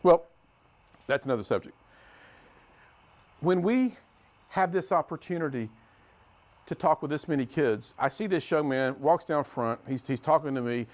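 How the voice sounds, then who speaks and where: A middle-aged man from the United States giving a motivational talk to a youth group, telling stories and swinging between loud and hushed. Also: on the high side, moderate pace, pauses often. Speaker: youth speaker.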